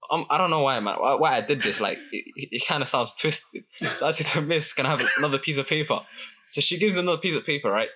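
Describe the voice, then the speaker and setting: A young man telling a school story in casual chat, animated, with lots of restarts and laughter. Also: a little high, fast talker. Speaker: guest.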